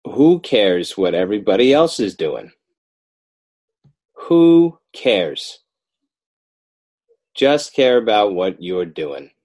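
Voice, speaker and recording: A man talking casually about his children's book as an interview guest, animated and often breaking off to restart his sentences. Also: low-pitched, measured pace, few pauses, dry recording. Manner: animated, self-interrupting, rising emphasis.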